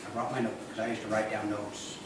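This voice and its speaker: A man's voice: fairly low pitch, level tone, fast. A man, the pastor, giving a conversational sermon with joking asides to his congregation in a church. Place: church sanctuary. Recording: echoey room, voice from far off, noisy.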